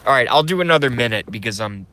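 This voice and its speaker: A fast-talking man with a sharp, medium-pitched voice and lively intonation runs a casual livestream. Rambling and swearing, he gets emotional and reads out comments from his chat.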